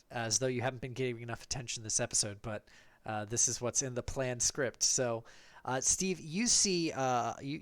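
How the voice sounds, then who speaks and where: Guy gm of a tabletop game, mid voice, halting and chill, dry close mic. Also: mid-range voice, no echo. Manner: relaxed, halting with fillers. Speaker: game master.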